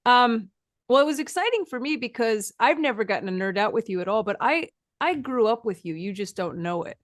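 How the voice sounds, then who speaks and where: A woman's voice: fairly high pitch, lively intonation, fairly quick, dry recording, clean studio sound. A woman hosting a podcast, chatting casually and playfully with frequent laughter. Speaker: podcast host. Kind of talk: casual interview chat.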